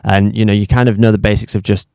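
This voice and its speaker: Upbeat DJ tutor, smooth voice. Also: male voice, fairly low pitch, little pitch movement, a little mellow, no room sound, clean studio sound. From England. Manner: upbeat, enthusiastic, quick bursts. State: slightly croaky after a night out. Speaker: DJ tutor and co-host. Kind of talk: casual podcast chat.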